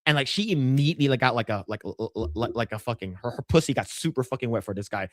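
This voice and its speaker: A man's voice: medium pitch, animated, quick pace, dry recording, clean studio sound. A man in his thirties co-hosting a podcast, telling a long casual story with stammers and restarts, acting out quotes. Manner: rambling, stammers and restarts, acts out quotes in shifting voices. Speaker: podcast co-host.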